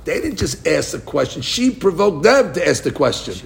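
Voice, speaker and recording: Guy teaching talmud, kinda high voice w some gravel, talks fast and animated. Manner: quick, animated, acts out the story's voices. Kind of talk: lively Talmud class.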